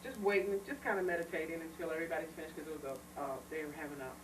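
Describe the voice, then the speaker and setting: A woman's voice: low-pitched, very fast, recorded from a distance. A woman giving an informal talk to a small audience, telling personal stories with a lot of feeling. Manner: chatty, emotional storytelling, laughs often. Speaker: speaker on children's literature. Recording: echoey room recorded from afar, noisy.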